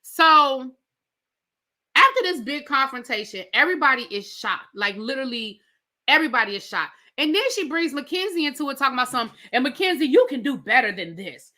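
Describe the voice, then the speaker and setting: Animated female reviewer with a sharp, higher voice, sassy and emphatic, talking straight to her viewers. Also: brisk. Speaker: TV show reviewer. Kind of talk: casual recap commentary.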